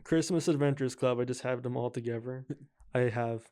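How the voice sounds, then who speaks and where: A man's voice: mid-range voice, brisk, dark tone. A young adult man hosting a podcast in casual chat, laid-back and leaning heavily on filler words. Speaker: podcast host.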